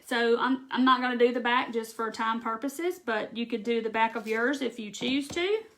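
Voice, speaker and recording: Her pitch is on the high side, her tone fairly bright, and her pace moderate. This Southern-accented Mississippi woman hosts a craft livestream, chatting through the demo, reading viewer comments out loud, and saying "y'all."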